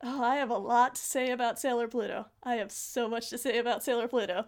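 High-voiced young woman gushing as a fan. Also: fairly quick. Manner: animated, gushing fan retelling. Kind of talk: casual podcast chat.

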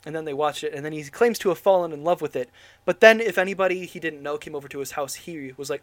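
A man's voice: on the high side, fast talker, dry recording. A man ranting in an exasperated, casual way as he reviews a film with a co-host, often restarting his sentences.

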